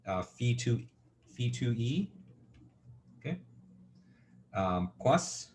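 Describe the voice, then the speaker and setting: A man's voice: mid-range voice, big pitch swings, drawn-out words, a little mellow. A man giving a university engineering lecture, thinking aloud with lots of fillers and checking in with students.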